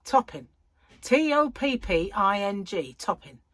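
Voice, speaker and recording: A woman's voice: medium pitch, sing-song, unhurried, fairly bright tone, no echo. A woman voicing a chatty older neighbour woman, repeating and spelling out her name emphatically. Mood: insistent.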